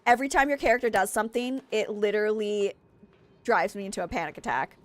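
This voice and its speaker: A young woman streaming a game, frantic and excitable, laughing at her own stress. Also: mid-range voice, fast. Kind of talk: gameplay commentary.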